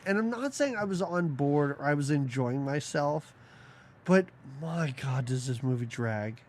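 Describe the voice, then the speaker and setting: Lively, mocking podcast co-host. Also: mid-range voice, a little slow. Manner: animated, mocking, acts out quotes from scenes. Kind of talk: casual movie-review chat.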